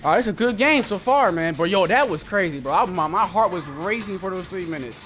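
A young man, giving excitable, swearing commentary while playing a horror game. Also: high voice, fairly quick, faint music behind. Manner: excitable, swearing, calls out in panic during chases. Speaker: gaming channel host. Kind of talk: live gameplay commentary.

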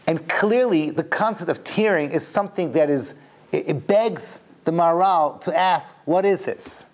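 Animated British rabbi telling stories. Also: male voice, on the high side, moderate pace. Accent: British English. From Britain. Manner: animated storyteller, mixes jokes with teaching. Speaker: rabbi and lecturer. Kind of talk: humorous lecture to a live audience.

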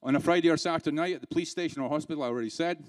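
A British man delivers a conference keynote in a chatty way, firing rhetorical questions at the room and slipping into dry sarcasm. His voice sits a little high for a man and sounds close and dry. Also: rapid-fire, dry recording. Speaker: keynote speaker.

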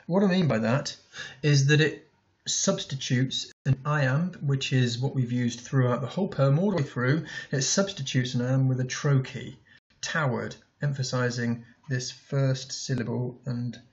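A man's voice: medium pitch, unhurried, dull audio. A male teacher talking through a poem in a recorded lesson, thinking aloud as he writes notes, with many ums and restarts.

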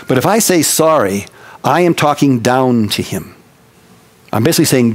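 With a mid-range voice, a man preaches as pastor in an animated, folksy style, moving from fast, loud stretches to slow, quiet emphasis.

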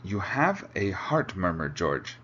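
A measured, clinical female doctor with a slight German accent, read aloud by a man. The voice is low. The recording sounds dull and lo-fi. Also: very animated, a bit bright, slight background noise, heavily acted.

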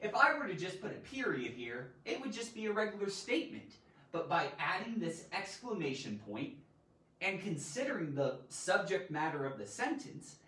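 A woman teaching a live online grammar lesson, animated and theatrical, with loud exclamations. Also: low-pitched, moderate pace, echoey room, distant mic, poor audio.

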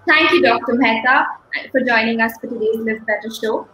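A woman's voice: a little high, fairly quick, sharp tone. A woman hosting a show, introducing her guest and asking questions in a polite, formal way. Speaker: show host. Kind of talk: introducing and interviewing. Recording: roomy sound with faint background noise.

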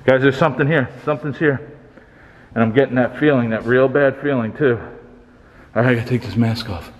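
A man's voice: medium pitch, brisk, in a large hall, dull audio. A man ghost-hunting in an abandoned nightclub, calling out to spirits, easily startled, recorded on a handheld camera. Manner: talks to unseen spirits, jumpy and excitable. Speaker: paranormal vlogger. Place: large empty abandoned nightclub. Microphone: handheld camera mic.

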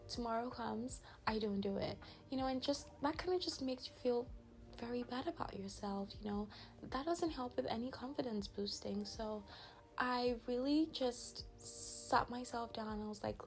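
A woman's voice: a little high, moderate pace, vocal fry, darkish tone. A young adult woman hosting a casual advice chat, upbeat and chatty, often saying "like" and acting out quoted dialogue. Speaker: podcast host.

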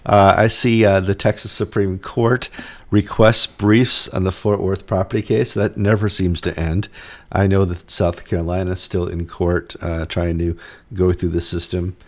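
A man's voice: low-pitched, little pitch movement, moderate pace. A man hosting a church news show, casually bringing up stories and tossing in quips. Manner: easygoing, leading the talk with quips. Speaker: news show host and reporter.

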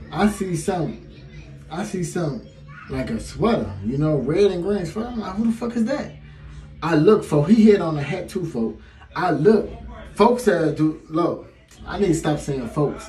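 A man in his twenties with a heavy Chicago accent, telling a story to camera in a lively, slangy way and laughing often. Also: on the high side. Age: 20s. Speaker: vlogger. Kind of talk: casual storytime. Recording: echoey room, faint music.

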